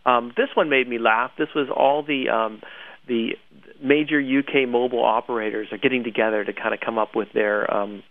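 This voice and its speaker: Gravelly man on a tinny line. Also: mid-range voice, moderate pace. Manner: animated, opinionated, laughs often. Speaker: podcast co-host. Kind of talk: casual news chat. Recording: tinny phone-line audio.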